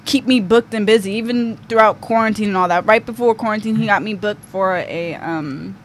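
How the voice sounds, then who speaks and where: A woman's voice: mid-range voice, fairly quick. A young woman guest on a podcast, telling a story casually with lots of "like" and "um". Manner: chatty, full of fillers like "like" and "um". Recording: faint background noise.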